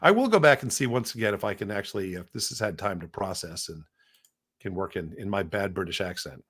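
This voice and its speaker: A man's voice: on the low side, expressive, fairly quick, a bit bright, breathy edge. Man, podcast co-host, casual and rambling, filler-heavy demo talk.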